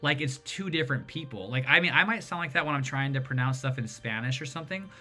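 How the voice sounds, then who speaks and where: A man hosting a casual livestream chat, rambling and animated as he tells stories. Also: medium pitch, quick pace. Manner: rambling, animated storyteller who mimics voices.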